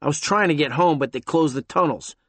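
A man's voice: fairly high pitch, fairly quick, a bit bright, dry recording. A man reading aloud and voicing a nervous young man who talks in an anxious, urgent way. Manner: nervous, pleading.

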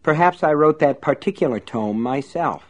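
Man voicing a sinister shopkeeper, storybook, silky, amused, reproving, raised pitch. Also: animated, moderate pace, natural voice. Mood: musing, sly. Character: sinister, smooth older male shopkeeper.

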